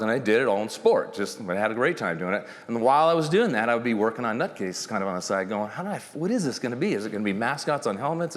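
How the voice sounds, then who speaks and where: Animated man telling a story on stage. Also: medium pitch, in a large hall. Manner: animated, acts out quotes, laughs often, loose and joking. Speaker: company founder telling his story on stage. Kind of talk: storytelling talk at a summit. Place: conference stage with long reverb.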